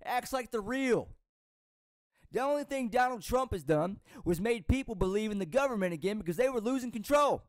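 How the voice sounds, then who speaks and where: A man's voice: sits high, expressive, a little fast, no echo, studio quality. A man giving a heated, frustrated rant as a vlogger, lecturing his viewers. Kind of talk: ranting video commentary.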